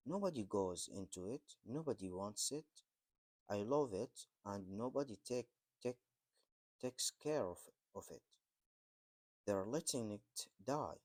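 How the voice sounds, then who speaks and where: A man's voice: on the low side, lively intonation, slow, darkish tone. A man reading the part of a lonely, secretive young girl in an earnest, pleading way.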